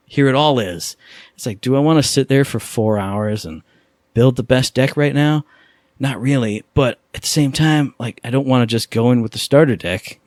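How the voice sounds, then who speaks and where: A man's voice: mid-range voice, no echo, studio quality. Enthusiastic man gushing about games. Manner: enthusiastic, animated gamer talk. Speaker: podcast co-host. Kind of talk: casual chat.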